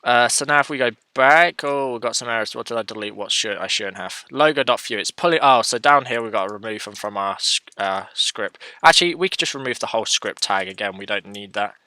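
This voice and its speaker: A man's voice: mid-range voice, brisk, hardly any pauses, sharp tone, no echo. A man hosting a casual coding tutorial, talking through his screen as he works and correcting himself as he goes. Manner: thinks aloud, self-correcting, chatty.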